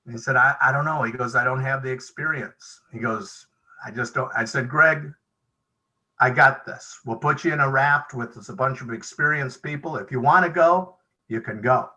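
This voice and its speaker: A man's voice: medium pitch, normal speed, pushed and bright, low-quality recording. A man sharing stories at a recovery meeting over a video call, chatty and acting out the dialogue he quotes. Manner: conversational, acts out quoted dialogue. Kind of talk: storytelling share.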